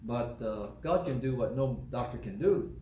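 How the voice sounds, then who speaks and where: A man preaching a sermon, earnest and deliberate, repeating key phrases slowly for emphasis. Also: medium pitch, animated, dark tone. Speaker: pastor. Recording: echoey room with faint background noise.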